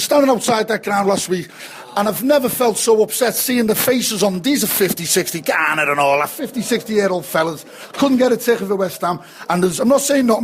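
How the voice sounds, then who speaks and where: A man's voice: high-pitched, breathy edge. A man with a Liverpool accent ranting passionately about football in a heated fan chat.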